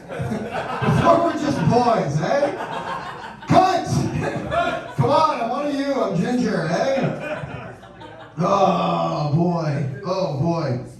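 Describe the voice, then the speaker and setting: A brash, profane male comedy host teasing the audience between laughs. His voice sits high, and it booms around a very reverberant venue. He is picked up from a distance, with the crowd loud behind him. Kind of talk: live stand-up crowd work. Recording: echoey room, mic heard from afar. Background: crowd reactions.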